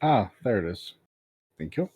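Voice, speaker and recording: Game master man with a lively voice. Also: on the low side, unhurried, slightly rough, no echo, highs cut off. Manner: patient, explains rules plainly. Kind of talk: running a tabletop game, casual.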